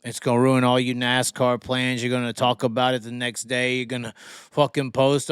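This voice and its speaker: A man's voice: medium pitch, flat delivery, moderate pace, a bit bright, smooth, dry recording, clean studio sound. Heated, swearing male racing host. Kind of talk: profane opinion rant on livestream.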